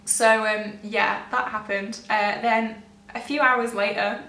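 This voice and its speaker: A woman's voice: mid-range voice, fairly even intonation, takes it slowly, bright, forceful tone. A young woman, telling a personal story to camera in a rambling, self-interrupting way with nervous laughs. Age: young adult. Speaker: vlogger. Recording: echoey room, distant mic, faint hum.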